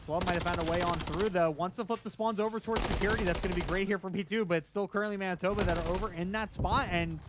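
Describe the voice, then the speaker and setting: A man calling play-by-play for a video game match, getting louder and quicker in the big moments. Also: sits high. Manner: fast, excitable, rising in big moments. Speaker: esports caster. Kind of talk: play-by-play commentary. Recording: noisy game audio behind.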